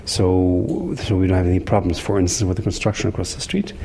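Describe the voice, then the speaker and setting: Brief: man, very low mellow voice, explaining with restarts, faint ambience behind. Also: animated, a little fast, creaky, a little hiss or hum. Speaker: head of production. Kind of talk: studio tour explanation.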